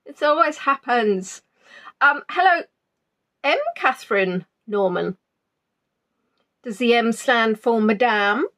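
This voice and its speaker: Chatty, jolly higher-voiced Englishwoman. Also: lively intonation, takes it slowly, pauses often, a bit bright. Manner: chatty and jolly, greeting viewers by name, many ums. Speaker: online tour guide. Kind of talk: casual pre-tour chat on a live stream. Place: spare room at home.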